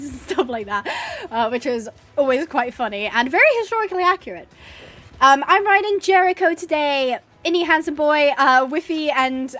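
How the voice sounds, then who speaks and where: A woman's voice: sits high, a bit bright. A woman chatting casually and laughing while playing a horse game as a streamer. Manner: chatty, giggly, rambling. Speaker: gaming streamer.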